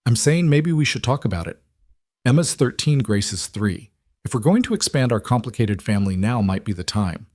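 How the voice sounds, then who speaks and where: A man voicing a caring wife and mother who speaks calmly and reassuringly. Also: medium pitch, moderate pace, no room sound, lightly acted. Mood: loving. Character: adult woman, warm wife and mother.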